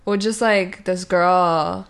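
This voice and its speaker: A woman's voice: lowish voice, fairly even intonation, slow pace, clean tone. A young woman co-hosting a podcast in casual chat, laughing often and trailing off mid-sentence. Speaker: podcast co-host.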